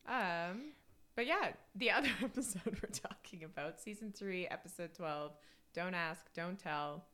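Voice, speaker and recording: Podcast co-host, woman, 30s, low-pitched and bright, casual and giggly. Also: animated, unhurried. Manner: chatty, laughs often, many fillers. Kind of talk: casual chat.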